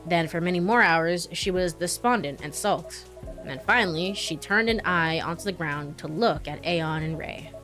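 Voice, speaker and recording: A woman's voice: lowish voice, moderate pace, fairly bright tone. A young woman streaming a game, reading its story aloud with giggles, stumbles over names and chatty asides. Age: young adult. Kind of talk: let's play, reading game text aloud. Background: faint game music.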